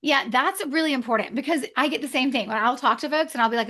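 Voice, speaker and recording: Woman, guest author, lively explainer, higher pitch, acts out client exchanges. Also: fast, few pauses. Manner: energetic, acts out client dialogues. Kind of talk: conversational podcast interview.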